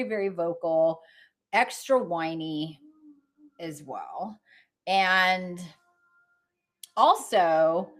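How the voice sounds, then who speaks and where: A woman hosting a livestream, talking in a casual, rambling way full of fillers and restarts, and laughing easily. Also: lowish voice. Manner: chatty, meandering, many fillers and restarts. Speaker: livestream host.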